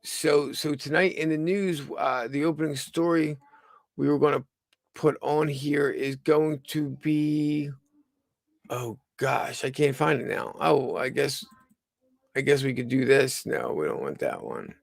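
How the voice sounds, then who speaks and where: A tired man under the weather hosts a rambling live-stream news show from home, talking haltingly with many stumbles and restarts. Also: on the high side, vocal fry, no echo. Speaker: host of a livestreamed news show.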